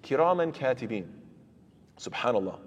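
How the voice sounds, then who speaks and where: A man's voice: mid-range voice, lively intonation, moderate pace, breathy edge, long reverb tail. A man teaching a Quran commentary lecture, asking rhetorical questions and answering them himself, with recited verses in between.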